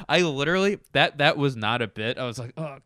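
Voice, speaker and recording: A man's voice: mid-range voice, lively intonation, moderate pace, bright, forceful tone, no echo, clean studio sound. A man hosting a solo podcast from home, rambling, jokey and self-deprecating into a podcast microphone. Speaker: podcast host. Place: home room.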